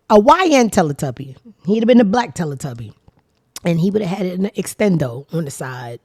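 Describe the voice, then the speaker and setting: A young woman hosting a casual commentary show, talking in an animated, profane, sarcastic way with big swings in pitch and loudness. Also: brisk, husky, no room sound, clean studio sound. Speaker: show host. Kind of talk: casual commentary reacting to social media.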